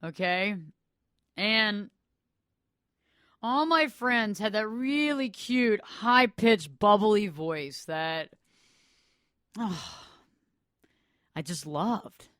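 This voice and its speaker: A woman's voice: mid-range voice, animated, very slow, long pauses, a bit bright, clean tone, no echo, studio quality. A woman hosting a self-help podcast, speaking in an earnest, conversational way and repeating phrases for emphasis. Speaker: podcast host. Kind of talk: reflective self-help monologue.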